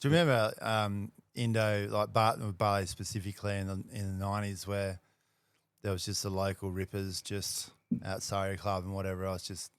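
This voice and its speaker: A man with an Australian accent, a podcast co-host chiming in with quick, slangy banter. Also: lowish voice, level tone, smooth, no echo. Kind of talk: casual chat.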